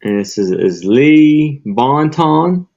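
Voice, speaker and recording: A man's voice: on the high side, expressive, slow, gravelly, a little mellow, dull audio. A man presenting vintage items on a live online sale, describing them in a plain, hesitant way. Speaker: seller on live sale stream. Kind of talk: casual product description.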